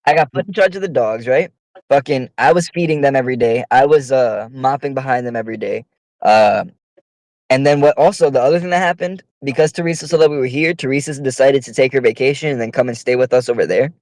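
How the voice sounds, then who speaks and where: A man's voice: mid-range voice, fast talker, a little mellow, no room sound, low-quality recording. A man telling a long, profane story on a casual podcast, with heated delivery. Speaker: podcast co-host.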